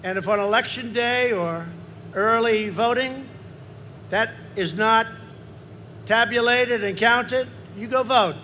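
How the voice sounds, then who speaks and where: Older man, rally speech, bright tense voice, high-pitched, repetitive and rambling. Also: slow pace, slight background noise. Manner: repetitive, rambling, swings to loud emphasis. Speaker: politician at a rally. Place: large campaign rally.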